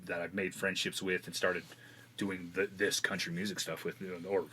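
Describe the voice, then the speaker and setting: A man's voice: deep voice, level tone, normal speed, bright, forceful tone, slight background noise. A man from Wyoming, a guest musician telling long, rambling stories in casual podcast chat. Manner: rambling storyteller.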